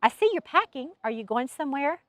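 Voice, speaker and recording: This is an earnest young woman, an angel in training, with a Southern accent and a pleading, apologetic way of talking, as a woman storyteller puts her on. Her voice sits high and swings widely through each line. It is a close, dry recording. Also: big pitch swings, brisk, a bit bright, no echo.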